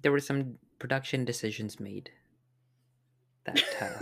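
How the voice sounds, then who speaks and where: Casual co-host, mid-pitched, sarcastic and teasing, blunt delivery. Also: unhurried, creaky. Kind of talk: casual chat.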